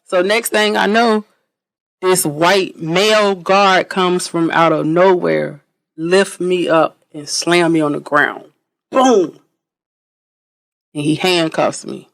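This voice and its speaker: A woman guest on a podcast telling an animated, blunt story with swearing, often repeating herself and restarting sentences. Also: on the low side, slow pace, creaky, dry recording. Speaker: interview guest.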